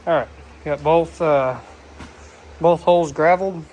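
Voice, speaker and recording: A relaxed man explains his shop work as he goes, thinking out loud and admitting he isn't sure it's right. He sounds a little out of breath from the digging, and the talk stays casual and unpolished. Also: on the high side, a little slow, loud music behind the voice. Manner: unsure, thinking aloud, laid-back. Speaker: DIY vlogger. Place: shop or garage.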